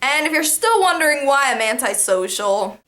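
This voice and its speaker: A young woman telling funny workplace stories straight to the camera in a casual vlog, animated and quick to laugh, with lots of "like" fillers. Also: high-pitched.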